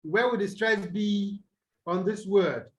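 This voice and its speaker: Nigerian-based english tutor guy, high voice, talks slow, keeps asking the class questions over a video call. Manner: slow, deliberate, quizzes students. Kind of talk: online tutorial lesson.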